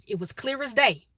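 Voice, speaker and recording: A woman from Chicago telling a personal story and urging listeners toward peace, in an animated, emphatic way with strings of repeated questions. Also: on the high side, breathy edge, no echo. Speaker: inspirational speaker.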